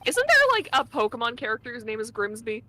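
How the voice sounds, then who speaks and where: A woman's voice: fairly high pitch, very animated, fast talker, bright, forceful tone. A woman streamer chatting casually and joking, swearing freely between game lines. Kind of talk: casual chat while voicing a game.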